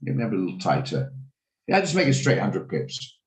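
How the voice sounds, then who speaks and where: A man's voice: lowish voice, wildly swooping pitch, moderate pace, echoey room, rough recording. A man hosting a live trading session, chatting and thinking aloud as he works through charts. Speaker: trading room host. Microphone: video call.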